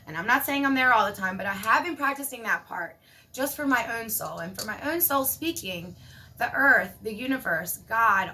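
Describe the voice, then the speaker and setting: A woman giving a casual spiritual monologue, animated and emphatic, swearing casually. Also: on the high side, a little hiss or hum. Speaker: spiritual vlogger.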